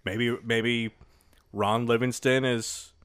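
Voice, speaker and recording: A man's voice: medium pitch, little pitch movement, takes it slowly, fairly bright tone, smooth, no echo, clean studio sound. A man co-hosting a podcast in casual chat, joking around and laughing often. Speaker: podcast co-host.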